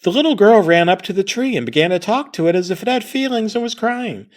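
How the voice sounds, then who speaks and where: A man tells a comedic horror parody with a high, very lively voice that swoops up and down. His delivery is crude and rambling, packed with self-deprecating asides. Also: fast, few pauses. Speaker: storyteller.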